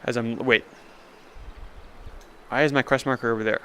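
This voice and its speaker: A man's voice: mid-range voice, steady tone, moderate pace, bright, forceful tone, slight background noise. A young man streaming a VR game live, commenting sarcastically and laughing often. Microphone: VR headset mic.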